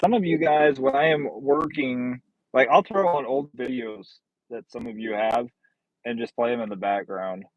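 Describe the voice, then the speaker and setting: A man's voice: mid-range voice, moderate pace, no echo, lo-fi sound. A man hosting a casual livestream, chatting with viewers in a blunt, sardonic, rambling way. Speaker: livestream host. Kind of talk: casual livestream chat reading comments.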